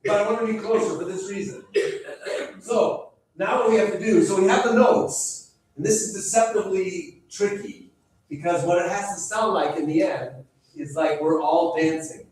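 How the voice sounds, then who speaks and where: A man's voice: high-pitched, normal speed, darkish tone, recorded from a distance. Man leading choir rehearsal in an echoey room. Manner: chatty, anecdotal, counts in the choir. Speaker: choir director. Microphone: far from the recording mic. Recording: echoey room recorded from afar, piano. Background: piano and choir singing.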